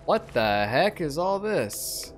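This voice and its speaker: Male gamer, relaxed commentary, slow delivery, faint music underneath. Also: fairly high pitch. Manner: laid-back, musing aloud, says "man" a lot. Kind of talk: casual gameplay commentary.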